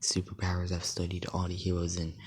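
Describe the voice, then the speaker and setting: A man voicing a nervous, gloomy teenage hero boy, talking in a hushed, hesitant half-whisper. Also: deep voice, monotone, fairly quick, a little hiss or hum, natural voice. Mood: eager.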